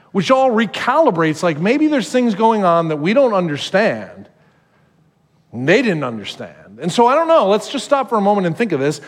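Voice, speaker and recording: A male pastor giving a sermon in a conversational, animated storytelling manner. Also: high-pitched, normal speed, big-room sound.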